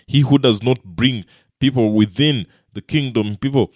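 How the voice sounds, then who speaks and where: A man preaching a Bible teaching sermon, emphatic, often dropping low and soft to stress key phrases. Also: moderate pace, no room sound, clean studio sound.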